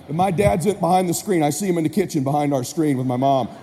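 His slightly high voice moves quickly as the motivational speaker relates a childhood story to his audience, animatedly acting out voices with shouts. The reverberant hall recording has faint ambience plus a little hiss or hum.

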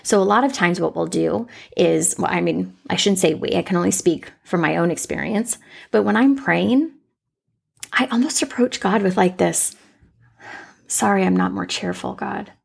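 Podcast host, woman, husky with some gravel, unscripted faith talk, emphatic repeats. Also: lowish voice, moderate pace. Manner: off-the-cuff, conversational, emphatic repetition.

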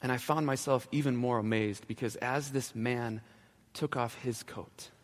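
A male pastor telling a story in a sermon, slowing down and dropping to a hushed voice at the key moments. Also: mid-range voice, fairly even intonation. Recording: long church reverb.

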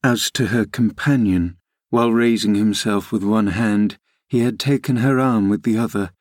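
A man narrating a classic novel as a podcast audiobook reader in a measured, even manner. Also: on the low side, no echo, clean studio sound. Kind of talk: scripted narration.

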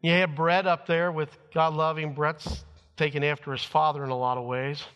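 A man's voice: on the high side, flat delivery, normal speed, fairly bright tone, clear, resonant tone, in a large hall. A middle-aged man preaching to his church, telling a family story in a folksy way and acting out what people said. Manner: folksy storytelling, acts out quotes. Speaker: pastor. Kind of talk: sermon with personal stories.

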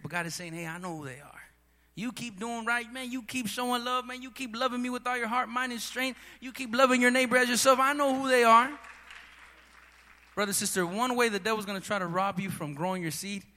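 A high-voiced man preaching with fiery passion, his tone strikingly bright and sharp. He keeps calling out to his listeners as brother and sister. His voice rings out with a long reverb. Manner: impassioned preaching, building to shouts; repeats "brother and sister" often. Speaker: pastor. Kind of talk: sermon. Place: church hall.

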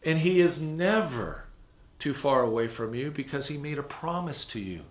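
A man preaching a sermon, moving between loud emphatic passages and hushed, low ones. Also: lively intonation, moderate pace. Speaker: pastor.

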